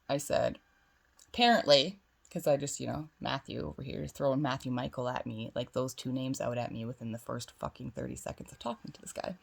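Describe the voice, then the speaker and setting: A young woman who vlogs about spirituality has a bass voice, gravelly with a breathy edge, and speaks expressively and a little fast. She's casually telling a long personal story, chatting away, swearing freely and acting out the dialogue.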